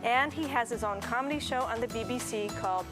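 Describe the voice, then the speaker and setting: A woman reading a formal introduction of a guest performer. Her voice sits a little high, and music plays clearly behind her. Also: a little fast. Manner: formal announcing tone. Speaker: event presenter.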